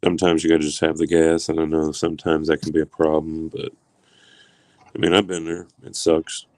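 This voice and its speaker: A man's voice: very deep voice, completely flat delivery, brisk, a little mellow, dry recording. A man co-hosting a casual livestream, laid-back with brief interjections. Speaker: livestream co-host.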